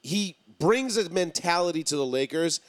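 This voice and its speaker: A man hosting a casual sports talk show, arguing his points emphatically with drawn-out pauses. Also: a little high, expressive, no room sound. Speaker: podcast host.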